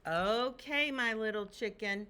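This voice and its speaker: Woman doing a patient, gentle papa chicken. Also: fairly high pitch, smooth. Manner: calm, patient, measured. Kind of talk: picture book read-aloud.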